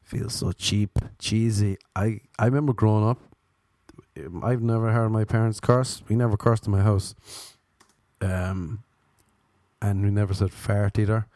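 A young man, his voice hoarse from illness and mellow in tone, rambles through self-deprecating stories. The recording is close and dry, and he jumps into higher voices when he acts out what others said. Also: steady tone, unhurried, no room sound. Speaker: podcast host. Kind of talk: casual comedic storytelling.

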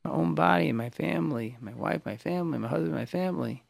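A man's voice: a little high, fast, vocal fry, dry recording. A man, a rabbi, preaching a sermon, telling stories and acting out the quoted lines, often breaking off and restarting words. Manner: storytelling, acts out quoted lines.

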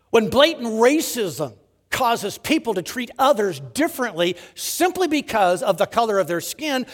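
A man delivers a sermon in a fairly high voice that climbs and falls with great liveliness. He pushes hard on key words, then sinks to hushed, almost whispered endings. He leans on rhetorical questions and repeats words for emphasis. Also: in a large hall. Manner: animated preaching, rising to emphasis then dropping to near-whispers. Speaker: pastor.

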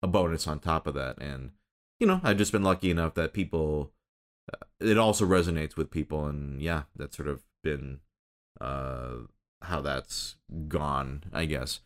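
A man hosting a casual interview, talking in a halting way with many hedges and fillers. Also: a bass voice, smooth. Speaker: podcast host.

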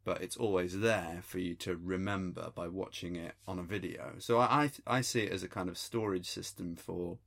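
Deadpan low-voiced man with gravelly creak. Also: normal speed, hardly any pauses. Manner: deadpan, rambling mock-serious musings. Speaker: podcast co-host. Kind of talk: improvised comedy podcast banter.

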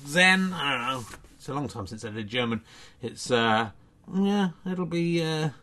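Male comic in his fifties, self-mocking and digressive, voice sits a little high. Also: a bit bright. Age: 50s. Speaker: comedian hosting a solo snooker show. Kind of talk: rambling comic monologue.

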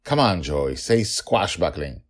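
A man voicing a hot-tempered pirate father who gets loud and insistent with his stubborn daughter in a fantasy audio story. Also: low voice, big pitch swings, measured pace, exaggerated voice. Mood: frustrated.

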